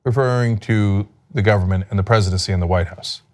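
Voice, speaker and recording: A man giving sarcastic political commentary, mocking and exasperated, firing off rhetorical questions. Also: fast. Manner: mocking, exasperated, reads quotes aloud; rhetorical questions, lively pitch swings.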